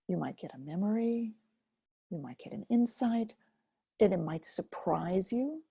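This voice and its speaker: Older woman webinar host; soft, reflective delivery, raspy with some fry. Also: mid-range voice, lively intonation, no echo, clean studio sound. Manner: gentle, unhurried, reflective. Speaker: webinar host and focusing teacher. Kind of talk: live webinar, answering chat questions.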